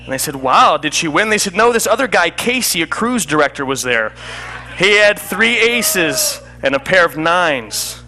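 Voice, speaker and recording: Man, high bright voice, comedy magician storytelling patter, jokey and chatty, faint music behind. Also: very animated, normal speed. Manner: chatty, jokey, breaks off to laugh at himself. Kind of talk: storytelling card trick patter.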